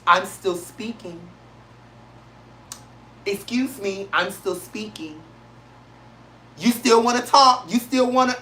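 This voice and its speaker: A composed, insistent female politician speaks in a quiet, measured way, as a man imitates her, refusing to be interrupted. Her tone is bright and clear. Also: high voice, far from the mic, slight background noise, heavily acted, low-quality recording. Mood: firm, composed. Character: impression of a female politician, calm and firm.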